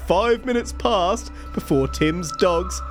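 A man hosting a podcast, slowly telling a story between jokes and frequent laughter. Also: high voice, animated, soft background music. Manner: slow, laughing, jokey storyteller. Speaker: podcast host.

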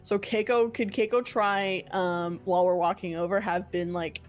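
A woman playing a tabletop game, chatting casually and a bit haltingly. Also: on the low side, steady tone, soft background music. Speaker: tabletop player. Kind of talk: casual chat.

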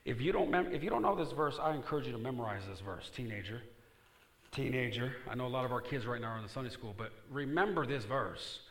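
Animated preacher with a bright, cutting tone who reads scripture aloud and gets the room to call back. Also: male voice, mid-range voice, fast talker, echoey room. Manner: animated, swings from quiet asides to loud emphatic outbursts; reads scripture aloud and calls on the congregation to respond. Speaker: pastor. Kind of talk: sermon.

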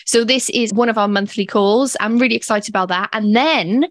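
Woman co-host, chatty and bubbly, slightly high voice, dry close sound. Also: normal speed, dry recording. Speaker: podcast co-host. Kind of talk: casual chat.

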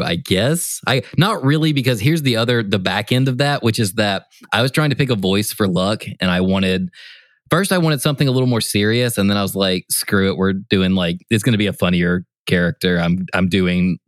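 A man's voice: deep voice, no echo, clean studio sound. A man on a casual podcast, giving a long, rambling, self-deprecating answer. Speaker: podcast co-host and player.

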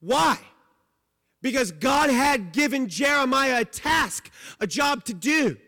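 High-voiced preaching pastor in a hall. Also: male voice, lively intonation, takes it slowly. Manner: emphatic preaching, swings from loud to low. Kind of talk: sermon.

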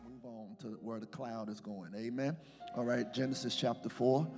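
In a church sanctuary, a senior pastor preaches a sermon and reads scripture, having the congregation repeat words after him. His voice is gravelly and medium-pitched, with fairly even intonation at normal speed. The hall is reverberant, with music playing behind him.

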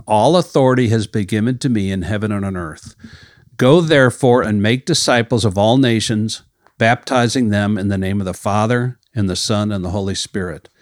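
A man's voice: mid-range voice, dry recording. Man teaching scripture on a podcast, dry sound. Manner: reads scripture passages aloud, then explains them conversationally. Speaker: ministry podcast host.

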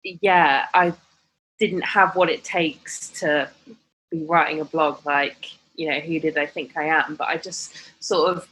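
A woman's voice: sits low, fairly even intonation, measured pace, fairly bright tone, a little hiss or hum, poor audio. A woman, a blogger telling her story candidly, chatty and full of "like" and "kind of". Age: 30s. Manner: chatty, lots of "like" and "kind of", acts out quoted voices. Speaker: blogger and guest.

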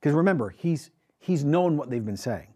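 A man's voice: fairly high pitch, expressive, normal speed, darkish tone, breathy edge. A male pastor preaching a sermon to his congregation, emphatic and asking them questions. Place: church with a congregation.

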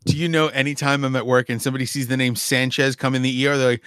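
A man's voice: mid-range voice, little pitch movement, rapid-fire, fairly bright tone, clear, resonant tone, no echo. A man co-hosting a casual podcast chat, blunt and profane, laughing at his own jokes. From Brooklyn. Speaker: podcast co-host.

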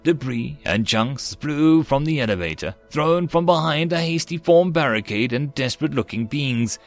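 A man narrating a web novel audiobook in an animated storytelling manner. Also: a little high, moderate pace, faint music behind.

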